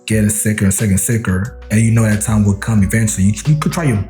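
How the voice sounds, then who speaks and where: A man's voice: lowish voice, fast, warm tone, soft background music. A man hosting a podcast, answering his guest in a supportive, reflective way with casual slang and frequent "bro.". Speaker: podcast host. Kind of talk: conversational podcast talk.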